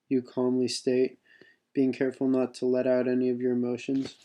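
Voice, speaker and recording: A man's voice: medium pitch, monotone, normal speed, dark tone. A man reading his own second-person adventure text aloud, unpolished, with spoken asides.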